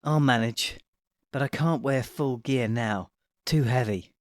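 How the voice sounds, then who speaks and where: A man's voice: medium pitch, slow pace, no room sound, clean studio sound, close to an everyday voice. A man voicing a tough young female security officer with urgent, clipped lines.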